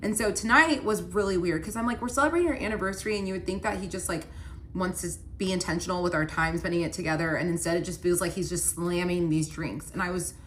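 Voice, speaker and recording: Chatty young woman, lowish voice. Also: fairly even intonation, quick pace, slight background noise. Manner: chatty, many "like" fillers, upset retelling. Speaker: storyteller. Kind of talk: casual storytime narration.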